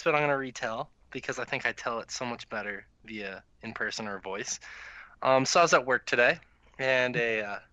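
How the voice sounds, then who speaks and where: Chill guy telling a work story, super bright sharp voice, dry sound. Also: mid-range voice, no room sound, dull audio. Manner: easygoing, relaxed anecdote telling. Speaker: podcast co-host. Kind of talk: casual storytelling chat.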